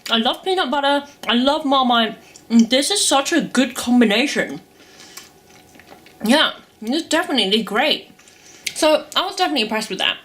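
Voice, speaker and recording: A woman's voice: sits high, lively intonation, normal speed, long pauses, fairly bright tone. A young woman chatting through a casual taste-test vlog, describing the food as she eats it. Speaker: food vlogger.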